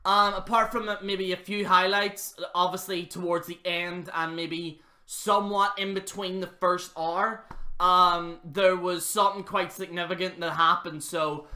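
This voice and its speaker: A man with a high, pushed, bright voice runs his channel and delivers a profane wrestling-show review. He wanders, mocks, and swears freely in this casual rant.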